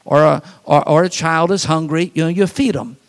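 A man preaching a sermon as pastor, folksy, with quick asides and acted-out voices. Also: fairly high pitch.

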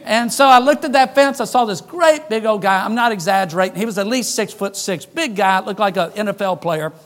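A man preaching a sermon, an animated storyteller who jokes and acts out the dialogue in his stories. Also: sits high, brisk.

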